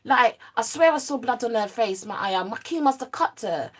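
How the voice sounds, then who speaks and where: A young woman telling a personal story to camera, in an animated, slang-heavy way that goes quiet at the serious parts. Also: fairly high pitch, normal speed, breathy edge. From United Kingdom. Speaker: vlogger. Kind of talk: storytime monologue.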